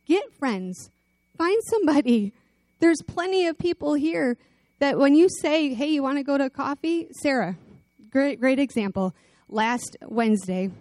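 A woman's voice: fairly high pitch, no echo. A woman preaching a sermon, telling stories with energy and rallying her listeners before closing in prayer. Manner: animated storytelling, rallying calls.

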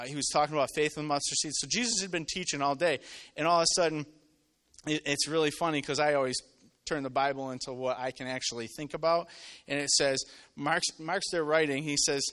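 A man preaching a sermon to a live congregation, telling stories and acting out voices, swinging from loud to quiet. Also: a little high, brisk. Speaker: pastor. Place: church with live audience.

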